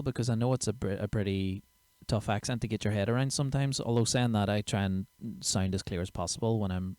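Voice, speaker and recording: A comedian and podcast host chats casually on his own livestream show, sweary and self-mocking. His voice is on the low side and a little mellow, with no room sound.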